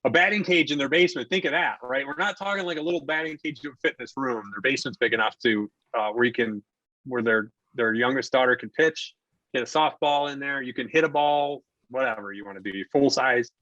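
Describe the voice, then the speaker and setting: A man's voice: medium pitch, a little fast, no room sound, lo-fi sound. A man in his forties spins a story for a podcast guest spot. He talks loosely and casually and throws himself into the voices of the people he quotes. His voice sounds dry and close, with no room around it. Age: 40s. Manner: animated storyteller who acts out quoted dialogue. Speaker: podcast guest, investor and contractor.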